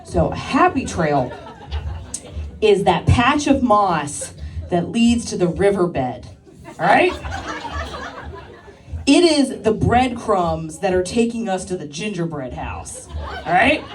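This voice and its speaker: A woman in her thirties performing loud, crude stand-up comedy and teasing the crowd. Her mid-pitched voice is picked up from a little distance in a live club. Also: sing-song, takes it slowly, pauses often, faint music behind. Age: 30s. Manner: brash, crude, loud crowd banter with frequent laughs. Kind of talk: stand-up set with crowd work. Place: live club stage with audience.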